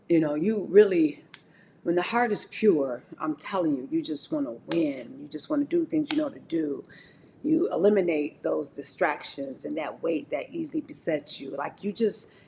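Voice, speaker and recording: Middle-aged woman, low gravelly voice, animated faith talk on a live stream, speaks straight to viewers; faint rumble behind her. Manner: animated, preachy, talks straight to the chat.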